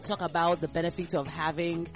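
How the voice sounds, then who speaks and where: A man with a Nigerian English accent hosting a morning radio talk show, chatty and animated, repeating phrases as he talks. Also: fairly high pitch, a little fast, music in the background. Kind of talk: casual morning radio chat.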